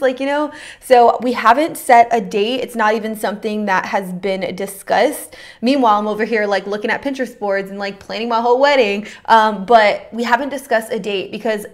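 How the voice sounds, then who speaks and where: Chatty young woman, slightly high voice. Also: normal speed. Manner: chatty and informal, with lots of "like" and "you know" fillers and slang. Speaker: beauty vlogger. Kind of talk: casual chat while doing makeup.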